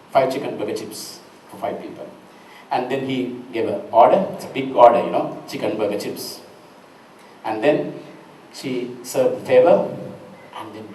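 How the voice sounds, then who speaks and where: A man's voice: medium pitch, a little mellow, reverberant, recorded from a distance, slight background noise, rough recording. A middle-aged man with a Sri Lankan accent, teaching a class and giving advice with many tag questions like "right?" and "you know".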